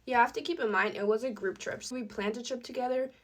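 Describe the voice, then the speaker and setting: A woman's voice: a little high, fast talker. A woman chatting through a personal story in a casual get-ready-with-me video. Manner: chatty, conversational.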